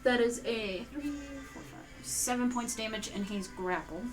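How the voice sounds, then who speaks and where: A woman's voice: on the high side, measured pace, rough recording. Chatty woman player adding up dice. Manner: chatty, thinks aloud while adding dice. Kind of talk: casual tabletop game play. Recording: clear music behind voice. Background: music.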